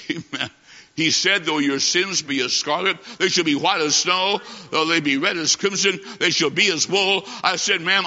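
A man's voice: sits high, pushed and bright. A man preaching a revival sermon, telling a story and then calling on his congregation with emphatic, repeating phrases. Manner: emphatic, repetitive, calls to congregation. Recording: dull audio with long hall reverb.

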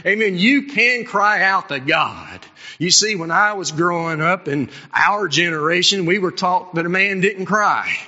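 Fervent preacher man, bright voice. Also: high-pitched, animated, measured pace, long reverb tail, highs cut off. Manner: impassioned preaching, swinging from loud to hushed. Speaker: pastor. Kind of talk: sermon.

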